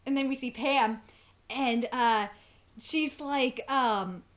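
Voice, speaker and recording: High-voiced woman rambling through a recap. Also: slow pace. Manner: rambling, profane, full of "like" and "um". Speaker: TV episode reviewer. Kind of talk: casual episode recap.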